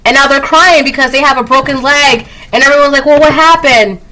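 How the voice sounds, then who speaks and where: A woman doing a casual spoken tarot reading, chatty, laughing often and acting out quick quoted voices. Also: high voice, steady tone, sharp tone, poor audio. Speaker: tarot reader.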